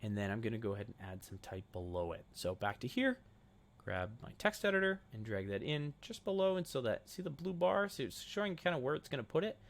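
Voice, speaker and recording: Young man, casual tutorial narrator, lively voice with a gravelly edge. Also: medium pitch, a little fast. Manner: casual, thinking aloud while clicking through settings. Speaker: web design tutor. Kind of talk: screen-recorded software tutorial.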